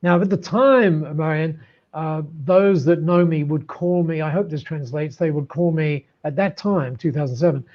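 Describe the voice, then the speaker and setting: Older aussie-raised guy telling a story, repeats himself, a bit high, dull lo-fi sound. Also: moderate pace. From Australia. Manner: animated, repeats words while building up a story. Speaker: podcast guest. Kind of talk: storytelling in an interview. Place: room lined with books.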